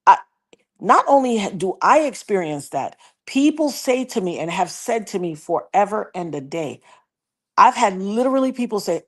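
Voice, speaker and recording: A woman livestreaming, casually telling a personal story and reading viewer comments in an animated, folksy way. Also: medium pitch, normal speed. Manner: animated, folksy, slips into quoted voices.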